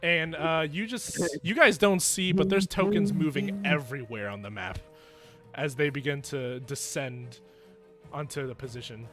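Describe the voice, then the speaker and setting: A man's voice: on the high side, moderate pace, over loud music. A young man narrating as game master in an online tabletop game, rambling and correcting himself as he goes.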